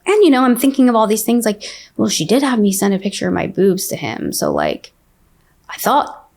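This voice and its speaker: A young adult woman telling a personal story in casual speech, full of "like" and quick restarts. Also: mid-range voice. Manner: fast, filler-heavy telling with many "like"s. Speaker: guest sharing her story.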